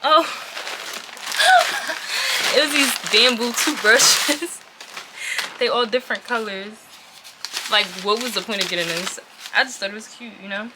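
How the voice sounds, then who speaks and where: Chatty, excitable woman vlogger unboxing on camera, noisy takes with crinkling packaging. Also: a little high, moderate pace. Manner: chatty, easily excited, talks to viewers as "y'all". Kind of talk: casual unboxing chat.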